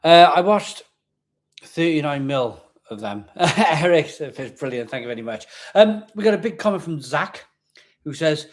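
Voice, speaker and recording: A man's voice: a little high, expressive, measured pace. A man from Barry in Wales with a Welsh accent, chatting casually as host of a live stream, rambling and repeating himself, with a slight growl at the back of his voice. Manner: chatty, rambling, reads viewer comments aloud, repeats himself.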